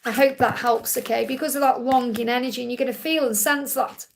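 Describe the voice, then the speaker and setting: Woman doing a live card reading q&a, high voice w a bit of fry, reassuring, keeps saying okay. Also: steady tone, fairly quick, a little hiss or hum. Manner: reads out viewer questions and relays messages. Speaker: psychic card reader. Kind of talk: live-stream tarot Q&A.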